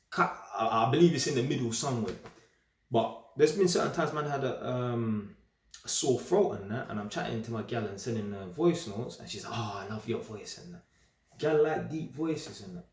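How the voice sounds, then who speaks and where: A young man speaks in a casual, streetwise monologue full of slang. He is animated and emphatic, with a middle-pitched voice. The sound carries a roomy echo. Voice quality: streetwise slang-heavy talk. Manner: animated, emphatic, repeats himself. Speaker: vlogger. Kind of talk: casual straight-talking monologue.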